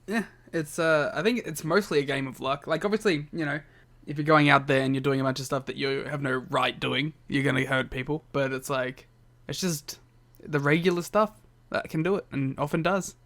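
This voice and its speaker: A man co-hosting a podcast in casual chat, playful and quick to laugh and joke. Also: fairly high pitch, fairly bright tone. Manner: playful, laughs often, jokes about doing accents. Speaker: podcast co-host.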